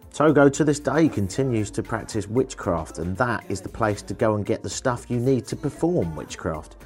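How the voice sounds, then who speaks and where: A man's voice: mid-range voice, darkish tone. A man hosting a travel podcast while walking through an outdoor street market, chatting with wry, rambling asides. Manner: rambling, wry asides and quick self-corrections.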